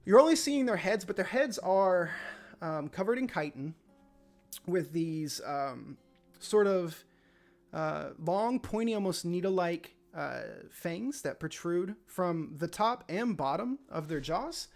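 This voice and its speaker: A man's voice: sits high, lively intonation, slow pace, gravelly. A man narrating as game master of a tabletop game, rambling and descriptive with many fillers. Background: faint music.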